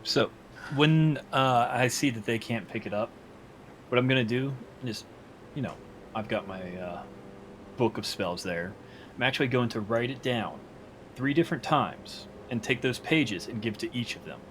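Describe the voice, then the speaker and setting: A man with an average-pitched voice calmly explains what his character does in a tabletop game. He speaks plainly and matter-of-factly over a faint hiss. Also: moderate pace. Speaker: player. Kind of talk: casual tabletop play.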